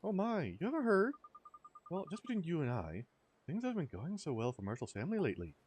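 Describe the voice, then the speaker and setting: A man's voice: a little high, huge pitch swings, quick pace, darkish tone, a little hiss or hum. A man voicing a chatty old neighbor woman who gossips in a fussy, sympathetic way. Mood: gossipy. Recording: faint music behind.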